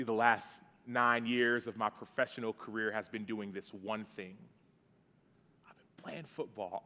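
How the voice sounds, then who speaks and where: A man's voice: on the low side, sharp tone, in a large hall. A man in his thirties telling a personal story in a sermon, casual and conversational, with fillers and restarts. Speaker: guest preacher. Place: church sanctuary.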